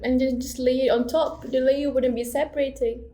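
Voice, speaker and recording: A woman's voice: high voice, level tone, moderate pace, mellow. A woman co-hosting a student podcast in playful casual chat, who sometimes stumbles over words. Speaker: podcast co-host.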